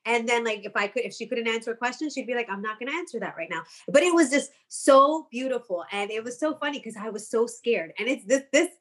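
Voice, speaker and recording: Casting: woman podcast guest, animated storyteller, slightly high voice. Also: brisk, few pauses. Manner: animated storyteller, laughs often. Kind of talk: casual chat.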